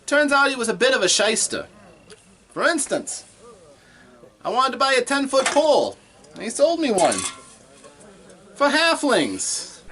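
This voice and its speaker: A man's voice: very high-pitched, wildly swooping pitch, a little slow, pauses often, bright, forceful tone, slight background noise, exaggerated voice. A man playing a boastful adventuring bard doing stand-up comedy, joking and laughing at his own puns. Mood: cheesy.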